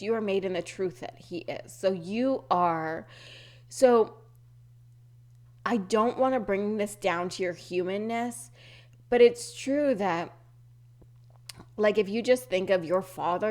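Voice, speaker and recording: A woman's voice: medium pitch, unhurried, a little mellow. A woman hosting a spiritual podcast, talking unscripted, with a throat tickle. She searches for words, restarts often and repeats earnest affirmations. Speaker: podcast host.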